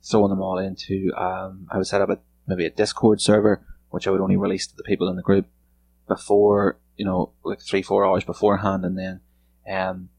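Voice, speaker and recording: A man's voice: sits low, completely flat delivery, brisk, gravelly, darkish tone, a little hiss or hum, poor audio. A man hosting a solo podcast from a room at home, rambling casually and swearing freely. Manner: rambling, profane and laid-back. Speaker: podcast host.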